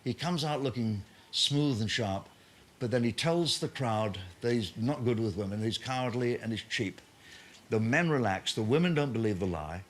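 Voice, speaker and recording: Lively comedian telling stories. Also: male voice, mid-range voice, normal speed, a little hiss or hum. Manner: lively storytelling punctuated by laughter. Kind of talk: anecdotal stage talk.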